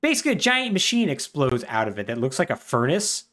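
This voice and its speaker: A man's voice: mid-range voice, big pitch swings, fast talker, fairly bright tone. A man co-hosting a podcast, recapping a game plot in a chatty, wry way with lots of fillers. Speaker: podcast co-host.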